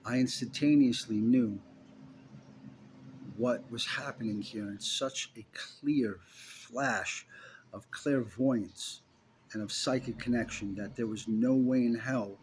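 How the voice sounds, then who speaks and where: A man's voice: mid-range voice, a little slow, a little mellow, slight background noise. A man telling a personal story straight to the listener in an intense, emphatic way, often repeating himself.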